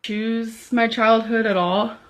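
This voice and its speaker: A woman's voice: a little high, little pitch movement, takes it slowly. Woman vlogger, casual and hesitant, lots of ums. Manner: hesitant, with fillers. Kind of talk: casual vlog talk.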